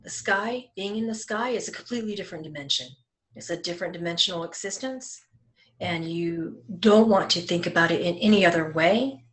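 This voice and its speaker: A woman voicing the spirit of a passionate male skydiving cameraman in a soft, hushed way. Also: on the low side, fairly quick, close to an everyday voice. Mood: dreamy.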